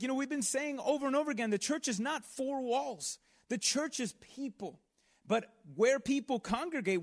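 A man preaching a sermon in a conversational, earnest way, with asides and restarts. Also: high-pitched. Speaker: pastor.

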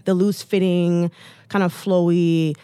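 A woman's voice: on the low side, level tone, slow, dark tone, smooth, no echo. Female guest, 30s, from the US, candid storyteller, chatty with frequent fillers, close dry mic. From United States. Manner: chatty, many "like"s and "um"s, acts out quotes.

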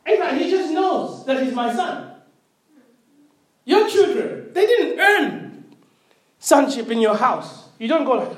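A middle-aged preacher delivering an animated sermon, repeating words and calling for response from the congregation. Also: high-pitched, slow, long pauses. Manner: animated, swings from loud emphatic to quiet intimate. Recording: roomy echo.

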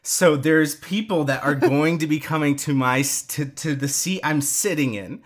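A man co-hosting a podcast, telling a story in casual chat, animated and quick to swear, with many restarts. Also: a little high. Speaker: podcast co-host.

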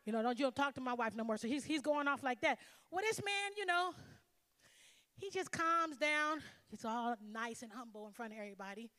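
A woman's voice: high voice, animated, brisk, pushed and bright, big-room sound. A woman pastor preaching a sermon, emphatic and calling out to her congregation for responses.

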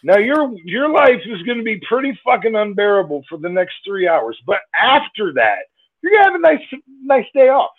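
High-voiced man on a tinny call line. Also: sing-song, normal speed. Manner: joking storyteller, laid-back, laughs easily. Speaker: podcast guest. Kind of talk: casual chat.

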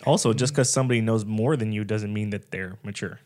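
A man's voice: fairly low pitch, steady tone, a little fast, darkish tone. A man in casual conversation who gives earnest advice and makes his points with rhetorical questions. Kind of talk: casual chat.

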